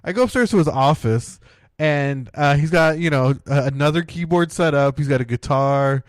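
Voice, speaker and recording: A podcast co-host tells a long, rambling casual story packed with fillers like "like" and "right?". His fairly high voice moves at a normal speed, and the studio-quality recording has no room sound.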